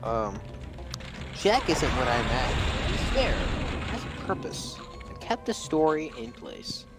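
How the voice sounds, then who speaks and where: A man's voice: on the high side, big pitch swings, slow. A man streaming a game, chatting casually and reading reviews aloud in a sarcastic, rambling way. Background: loud game music.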